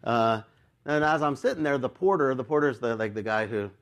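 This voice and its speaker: A male pastor telling a story in his sermon, animated and self-mocking and often laughing. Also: mid-range voice, brisk.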